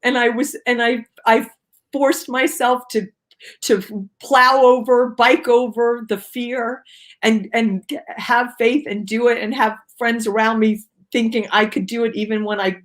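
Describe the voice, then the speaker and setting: A woman guest on a video-call talk show, telling her story in a lively way and acting out her own cries and quotes. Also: on the high side, a little slow. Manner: animated, acts out her own shouts and quotes. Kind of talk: casual storytelling interview.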